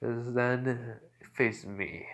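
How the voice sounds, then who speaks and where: Casting: a casual male storyteller with a plain, average-pitched voice, rambling through a fan story. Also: steady tone, very slow, slight background noise. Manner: rambling, full of fillers and restarts.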